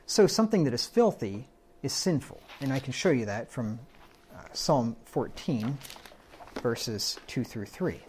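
A man delivering a conversational sermon in a church. He reads verses aloud and breaks them down plainly, often checking in with his listeners. His voice sits at an ordinary middle pitch. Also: expressive, a little slow, a little mellow, slight background noise. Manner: conversational, quotes scripture, asks the room "right?". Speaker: preacher. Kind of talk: Bible-study sermon.

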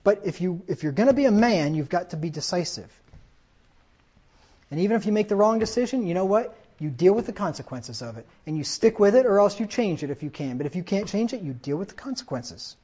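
A man's voice: sits high, lively intonation, fairly quick, warm tone, slightly rough. Conversational male preacher, lo-fi. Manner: conversational, with tag questions and quoted dialogue. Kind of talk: sermon.

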